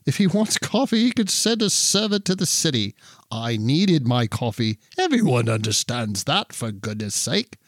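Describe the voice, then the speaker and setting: A woman's voice: big pitch swings, moderate pace, no echo, exaggerated voice. A man voicing a guilty, self-justifying elderly village woman in a put-on British accent, during a story reading. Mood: indignant. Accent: attempted British. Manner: shrill, exclaiming old-lady voice.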